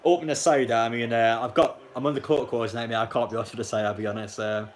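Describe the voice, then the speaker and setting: Fast-talking young man. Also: mid-range voice, steady tone, slight background noise. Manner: rambling, blunt, frequent fillers and restarts. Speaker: live stream match commentator. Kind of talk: casual live stream chat and commentary.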